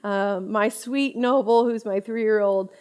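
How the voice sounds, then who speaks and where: A woman in her thirties giving a conversational Bible study talk, chatty and expressive, often laughing as she teaches. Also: medium pitch, slow, smooth.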